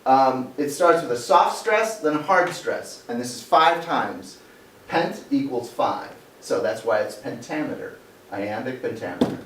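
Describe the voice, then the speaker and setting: Speaking at a medium pitch, a bit slowly, he sounds animated and a little bright. He is a male teacher giving a lecture, breaking things down step by step and testing the class with questions. Recorded in a spacious classroom from a far-off mic, with faint background noise.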